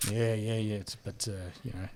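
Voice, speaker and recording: A man's voice: on the low side, level tone, moderate pace, a little mellow. A man, hosting a casual podcast and reading out listener feedback with laughs and the odd swear. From Australia. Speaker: podcast host.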